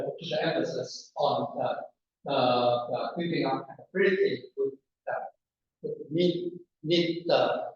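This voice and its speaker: A man presenting an academic paper at a conference panel, in a halting, deliberate way. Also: mid-range voice, slight background noise. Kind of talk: academic lecture. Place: conference room. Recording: distant, echoey, dull conference room recording.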